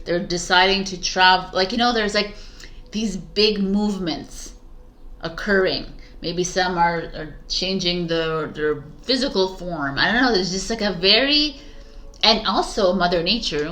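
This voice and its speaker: A woman's voice: fairly low pitch, measured pace, pushed and bright. A woman tarot reader talking casually to her viewers, chatty and rambling, with frequent fillers and asides to herself. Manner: rambling, chatty, lots of fillers and self-talk. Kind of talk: casual spiritual chat to camera.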